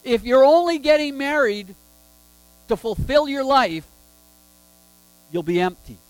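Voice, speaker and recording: High-voiced man preaching a sermon. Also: lively intonation, a little slow, no echo, poor audio. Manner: emphatic with rhetorical questions.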